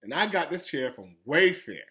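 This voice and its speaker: A man's voice: a little high, big pitch swings, normal speed, pushed and bright. A man voicing a middle-sized mama bear in a wry, slightly fussy tone.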